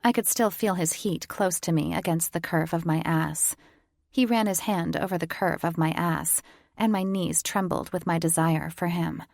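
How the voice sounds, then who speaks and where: A woman's voice: fairly low pitch, fairly even intonation, moderate pace, gravelly, a little mellow, no echo, clean studio sound. A woman narrating a first-person romance audiobook in an intimate, teasing reading.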